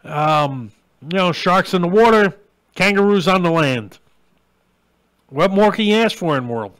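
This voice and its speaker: A middle-aged man hosts his own live online show, talking straight to his viewers in a blunt, crude, ranting way. His voice sits high for a man. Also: animated, measured pace, a bit bright, smooth. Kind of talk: live-stream rant and chat.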